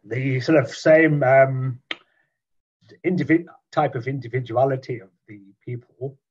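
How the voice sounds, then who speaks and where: A man in an online talk explains things in a measured way. His voice is husky, and his audio sounds dull and lo-fi. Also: mid-range voice, steady tone. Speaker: participant.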